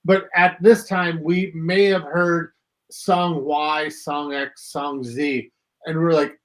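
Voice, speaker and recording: A man's voice: fairly high pitch, little pitch movement, takes it slowly. A man co-hosting a music podcast, musing at length in casual chat with frequent fillers and hedges. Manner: rambling, reflective, hedging with fillers. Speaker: podcast co-host.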